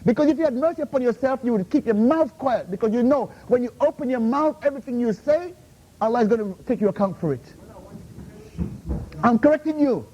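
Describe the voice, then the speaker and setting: Man, very high voice, rapid-fire scolding rebuttal at a university talk; muffled recording. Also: animated, dark tone, slight background noise. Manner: confrontational, repeatedly demands "Huh? How?"; scolding, drops Arabic terms into English. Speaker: invited Islamic speaker. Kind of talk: heated Q&A rebuttal. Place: university lecture room.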